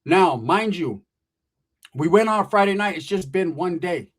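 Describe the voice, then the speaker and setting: A man spinning a wild tale in casual, profane talk. His voice sits a little high for a man, and he keeps slipping into acted quotes before jumping back to the story. He swears freely and never lets the story stall. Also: animated, moderate pace.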